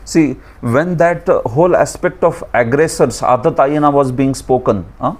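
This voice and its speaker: An Indian man teaching a scripture class, at an ordinary middle pitch. He lectures conversationally, throwing questions to his students and adding a chuckling aside now and then. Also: normal speed.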